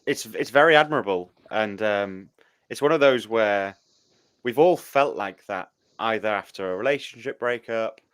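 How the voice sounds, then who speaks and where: A man's voice: fairly low pitch, fairly bright tone, smooth, dry recording. Man hosting, dry close sound. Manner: halting, with false starts, then reflective. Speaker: podcast host. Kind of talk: casual chat.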